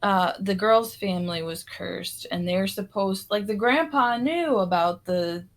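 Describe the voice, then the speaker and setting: A woman's voice: mid-range voice, measured pace. A woman co-hosting a casual podcast, rambling through a film plot and acting out the characters' quotes. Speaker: podcast co-host. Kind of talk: casual chat.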